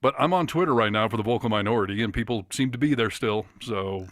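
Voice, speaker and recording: A man co-hosts a casual podcast chat, pitching his points in a sarcastic, cursing tone. His voice sits on the low side and sounds dry and close to the mic. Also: fast talker, fairly bright tone, no room sound. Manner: sarcastic and profane. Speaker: podcast co-host.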